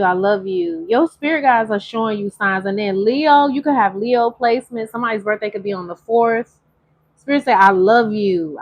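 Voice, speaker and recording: A woman's voice: a little high, muffled recording. A woman tarot reader, giving a casual, emotional spiritual reading to viewers and stretching some phrases out in a sing-song way. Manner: chatty, emotional, drawn-out sung phrases.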